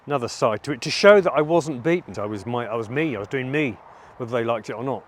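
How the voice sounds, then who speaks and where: A middle-aged man talks through a personal vlog monologue in a candid, self-reflective way. His delivery is halting, and his voice sits at an ordinary middle pitch. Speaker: vlogger.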